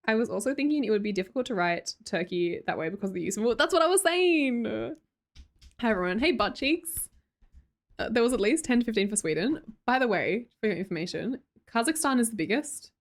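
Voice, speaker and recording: A woman's voice: medium pitch, animated, fast. An Australian woman, a young adult, hosting a casual livestream chat, reading chat aloud and laughing often. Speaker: livestream host.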